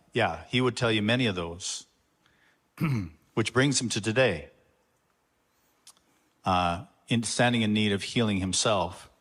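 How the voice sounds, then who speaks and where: A man who is a pastor, introducing a guest to his congregation in a halting, reflective way. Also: on the low side, fairly bright tone. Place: church sanctuary. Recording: long church reverb.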